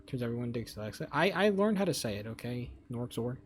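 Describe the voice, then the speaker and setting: This young streamer has a medium-pitched, sing-song voice with a breathy edge, and he talks fast over soft background music. His casual chat with viewers is rambling, profane, and full of jokes as he reads their messages.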